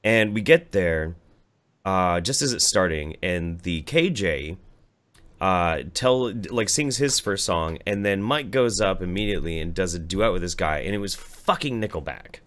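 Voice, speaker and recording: A man's voice: sits low, measured pace. A man co-hosting a casual livestream podcast, rambling and swearing as he tells stories. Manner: profane, rambling, animated storytelling. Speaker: podcast co-host.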